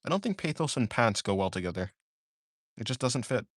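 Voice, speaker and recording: A man's voice: medium pitch, very animated, fairly quick, dry recording, clean studio sound. A young man chatting casually on a live art stream while he draws, rambling and drowsy, often trailing off into mumbles.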